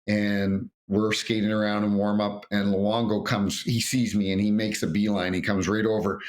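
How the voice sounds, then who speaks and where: A middle-aged man, a former referee, telling lively anecdotes in an interview and acting out what others said. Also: fairly low pitch, moderate pace. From North America. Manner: animated anecdotes, acts out quotes. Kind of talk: storytelling interview.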